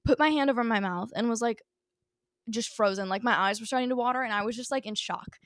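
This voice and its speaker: Young woman podcast co-host, fairly high voice, gushing and chatty with "like" in every phrase, dry close sound. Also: fast talker, no room sound. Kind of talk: casual storytelling chat.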